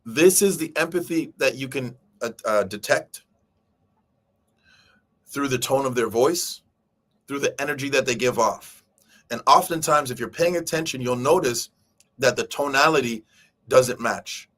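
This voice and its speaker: Guy hosting a live stream, chatty and animated, talks straight to viewers, mid pitch voice. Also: measured pace, pauses often. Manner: animated, addresses viewers directly, acts out quoted speech. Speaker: show host. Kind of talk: casual live-stream book talk.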